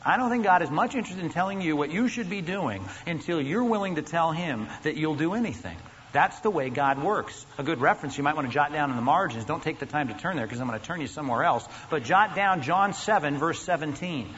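A man's voice: a little high, animated, brisk, a bit bright. A pastor preaching an earnest, emphatic sermon, asking his listeners questions as he goes. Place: church sanctuary. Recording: dull, lo-fi recording in a large reverberant hall with faint noise.

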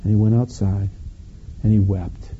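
A man's voice: fairly low pitch, steady tone, normal speed, dark tone, husky, muffled recording. A man from Wisconsin with a Wisconsin accent preaching a sermon, earnestly retelling the story and voicing the quoted lines. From Wisconsin, United States. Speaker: pastor.

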